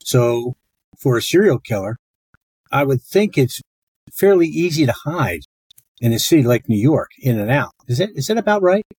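A man's voice: mid-range voice, sing-song, moderate pace, a little mellow, husky, dry recording. A man co-hosting a podcast, asking his partner questions in a casual way with a few restarts. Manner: asks questions, thinking aloud with restarts. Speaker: podcast co-host.

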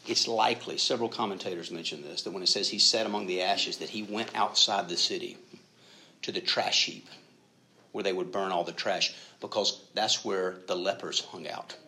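Casting: a male preacher, lowish voice with a bright edge, lively storyteller who acts out quotes. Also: moderate pace. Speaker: pastor. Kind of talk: sermon.

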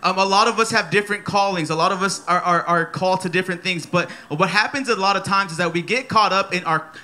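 Fast-talking and high-voiced, a man in his thirties gives an energetic, playful sermon during a church service. He keeps repeating his key lines.

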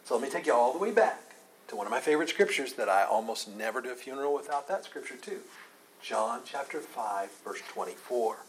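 A pastor leading a Bible study, talking earnestly, asking rhetorical questions and repeating key phrases. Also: male voice, medium pitch, animated, a little fast, a little hiss or hum, poor audio.

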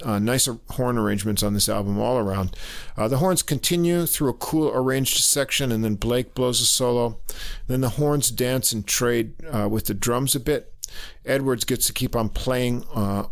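In a casual spoken review of a jazz album, a man speaks haltingly, filling gaps with lots of fillers and small chuckles. His voice is medium-pitched and creaky.

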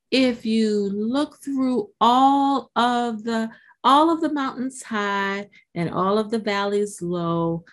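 Animated woman hosting a business podcast. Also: mid-range voice. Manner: animated, acts out inner voices, lots of "you know, right?". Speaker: podcast host. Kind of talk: motivational podcast monologue.

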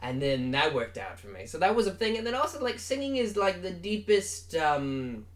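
For an improvised comedy interview, a man plays a pompous male rock singer claiming to be a god, appearing as the mock guest. He talks loud and grand in a put-on British accent, grandiose in mood, with a high-pitched, sing-song voice at normal speed.

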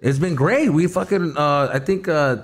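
A man, a stand-up comedian, chatting as a podcast guest in a loose, profane, slangy way. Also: fairly high pitch. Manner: fast, profane, slangy storytelling. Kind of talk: casual podcast chat.

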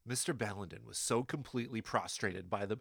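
A man reading aloud the testimony of a stern male colonial judge, in his own deliberate voice with no put-on accent. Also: on the low side, creaky, fairly bright tone, husky, dry recording, clean studio sound, full character voice.

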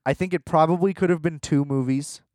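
A man's voice: a little high, brisk, a little mellow, no room sound, studio quality. Rambling, profane male podcast host. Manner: rambling, profane, self-mocking. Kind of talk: casual solo commentary.

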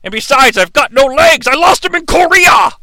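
A man doing a gruff old toymaker who shouts and swears at everyone. The voice is pitched up high, very lively, and bright. It sounds dry and close. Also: normal speed, no echo, full character voice. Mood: boastful.

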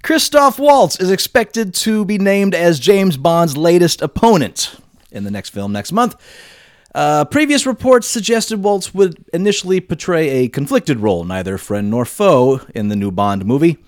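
A man's voice: a little high, very animated, normal speed, no room sound, clean studio sound. A man co-hosting a podcast, chatting wryly and reading out news items. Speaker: podcast co-host.

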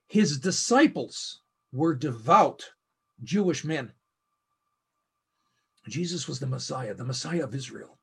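A middle-aged man teaching a Bible lesson, speaking earnestly and slowing to stress key phrases. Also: on the high side, creaky, husky. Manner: earnest, with slow emphatic phrasing. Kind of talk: scripted teaching.

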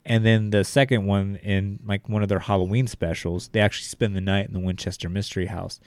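A man's voice: lowish voice, flat delivery, a little fast, a little mellow, clean tone, dry recording. A man co-hosting a podcast, talking in a laid-back, rambling way with plenty of swearing. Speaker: podcast co-host. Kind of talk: casual chat.

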